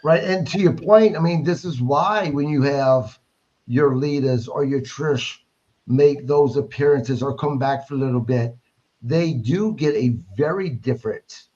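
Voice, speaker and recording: A man's voice: mid-range voice, darkish tone, muffled recording. A man hosting a podcast, recapping wrestling in blunt, casual talk and swearing freely. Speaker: podcast host.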